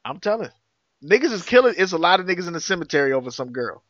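A podcast co-host shares blunt, emphatic opinions in casual chat, his high-pitched voice sing-song, quick, and a bit bright. The dull, dry lo-fi recording has no room sound.

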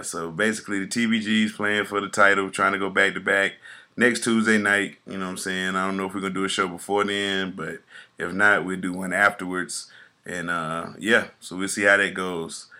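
A man hosting a casual podcast, hoarse and raspy, talking loosely and joking as he tells stories. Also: sits low, bright, forceful tone. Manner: boastful, joking hype intro, loose storytelling. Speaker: podcast host; youth football coach.

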